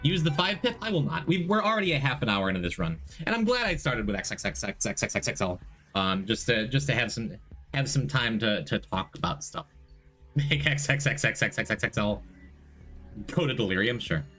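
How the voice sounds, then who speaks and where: A man's voice: medium pitch, very animated, moderate pace, bright, forceful tone, faint music behind. A man streaming a game, chatting casually, rambling and joking as he reads and answers chat. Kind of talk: casual live-stream chat while gaming.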